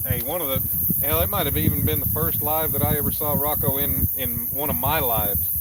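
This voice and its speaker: A man hosting a fishing livestream outdoors at night, relaxed and joking as he reads out viewer comments. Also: a little high, fairly quick, far from the mic, very noisy. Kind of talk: casual chat reading out viewer comments.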